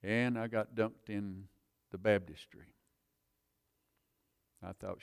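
A man's voice: on the low side, fairly even intonation, slow pace, creaky, smooth. A man preaching, telling his own conversion story in an earnest, plain-spoken way. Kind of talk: sermon testimony.

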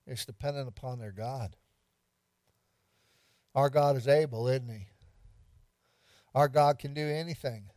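A man's voice: medium pitch, measured pace, long pauses, darkish tone, no room sound, clean studio sound. A man pastor giving an interactive evening sermon, quizzing the congregation and repeating lines for emphasis with light humor.

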